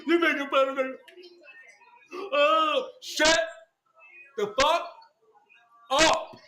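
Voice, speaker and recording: A high-voiced man hurls taunts at a caller on an online group call, repeating the same jab again and again. His voice bounces around in a roomy, echoing sound. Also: fairly even intonation, drawn-out words, faint music behind. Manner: loud, mocking, repeats insults over and over. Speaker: podcast host. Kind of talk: heated argument on a group call.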